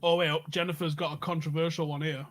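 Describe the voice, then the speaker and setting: A male host running a pub quiz over a live stream, chatting loosely and peppering his talk with swearing. His voice sits a little on the high side. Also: level tone, fast, fairly bright tone. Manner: jokey, swears freely. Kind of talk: casual live-stream banter.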